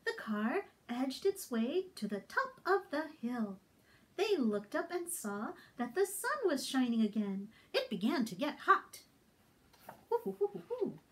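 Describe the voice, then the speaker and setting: Lively, high-voiced woman reading to toddlers. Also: unhurried, a little hiss or hum. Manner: animated, sing-song reading with questions to toddlers. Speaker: children's librarian. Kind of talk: toddler storytime read-aloud.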